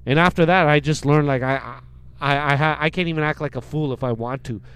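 Lively smooth-voiced man telling a story. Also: fairly high pitch, brisk. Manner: animated, acts out voices of people in his story. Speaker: storyteller co-host. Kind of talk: casual comedic storytelling chat.

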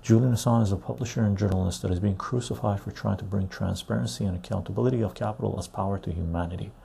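A man's voice: lowish voice, steady tone, fast talker, gravelly, warm tone, slightly rough. A man hosting a live stream, chatting loosely with viewers and reading their comments aloud. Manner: loose and chatty, reads the chat aloud, says "right?" often.

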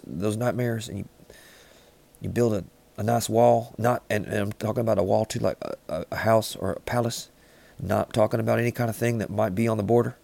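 A man in rambling, deadpan comedic banter, riffing with frequent restarts. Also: fairly low pitch, gravelly, no room sound.

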